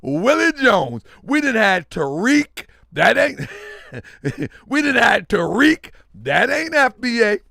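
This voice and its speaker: A middle-aged man hosting a livestream and reading chat aloud, loud and teasing, laughing often. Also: extremely high pitch, big pitch swings, slow, creaky, no room sound, studio quality. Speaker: livestream host.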